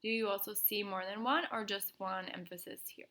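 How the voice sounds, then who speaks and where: A woman teaching an art lesson to young children, explaining gently and asking questions aloud. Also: mid-range voice, steady tone, brisk.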